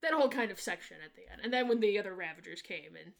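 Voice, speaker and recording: A woman co-hosting a casual movie review podcast, talking in a lively, joking way and swearing freely. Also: mid-range voice, creaky. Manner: profane, lively, quick to joke. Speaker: podcast co-host.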